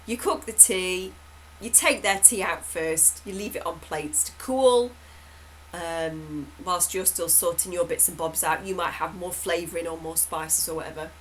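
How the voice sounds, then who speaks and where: A woman's voice: on the low side, a little slow, fairly bright tone, slight background noise, poor audio. A woman, telling a rambling family anecdote in a chatty way, often laughing. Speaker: hypnotherapist host. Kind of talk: casual storytelling update.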